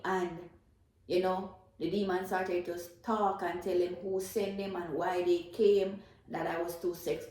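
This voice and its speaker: Speaking in a lowish, somewhat mellow voice, a woman with a Jamaican accent recounts her faith with emotion and sincerity, repeating phrases often. Strong echo fills the recording.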